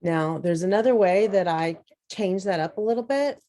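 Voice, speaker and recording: A woman teacher, slowly and carefully sounding out words in an instructional demonstration. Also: mid-range voice, warm tone, slight background noise, poor audio. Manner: slow, deliberate, sounding out words.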